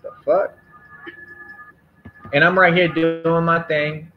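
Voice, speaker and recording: A man's voice: on the high side, flat delivery, takes it slowly, narrow, tinny audio, soft background music. Aggressive, taunting man ranting on stream. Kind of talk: angry on-camera rant.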